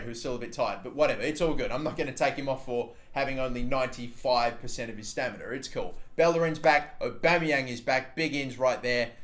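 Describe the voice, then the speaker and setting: A man in his twenties giving profane, chatty commentary over a football video game and talking straight to his viewers. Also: medium pitch. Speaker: gaming YouTuber. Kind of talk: live gameplay commentary. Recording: roomy with faint background noise.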